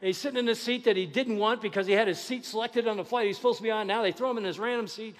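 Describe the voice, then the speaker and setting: A man preaching a sermon as pastor, animated, acting out conversations with God. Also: high-pitched, very fast, in a large hall. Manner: animated, acts out dialogue with God. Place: church sanctuary.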